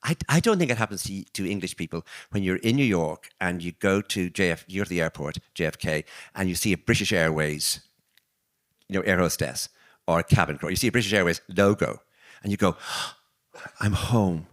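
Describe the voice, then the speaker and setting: An older Irish author talking with an interviewer at a live book event, telling reflective anecdotes with restarts and lively quoted voices. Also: male voice, low voice, a little fast. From Ireland. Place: arts venue, live audience.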